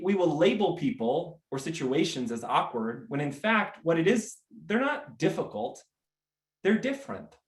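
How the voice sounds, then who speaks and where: An American man hosting a motivational live talk, energetic and animated, acting out little scenes as he speaks. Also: high voice, roomy sound. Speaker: host.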